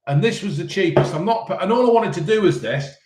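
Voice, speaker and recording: A man's voice: sits high, expressive, a little fast, a little mellow, echoey room. Blunt, sweary man in his fifties. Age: 50s. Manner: blunt, sweary, cheeky banter. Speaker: live-stream host reading chat questions. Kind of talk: casual live chat.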